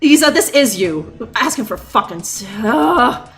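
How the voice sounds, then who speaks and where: A woman's voice: fairly high pitch, lively intonation, unhurried, a crowd in the background. A woman streamer giving live commentary on a game, sarcastic and rambling, laughing often.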